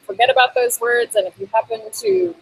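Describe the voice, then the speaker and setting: A woman's voice: extremely high pitch, very animated, brisk, vocal fry, rough recording. A woman hosting a casual on-camera lesson on basic phrases, chatty, with frequent ums and laughs between phrases. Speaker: host teaching basic Thai phrases. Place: Bangkok.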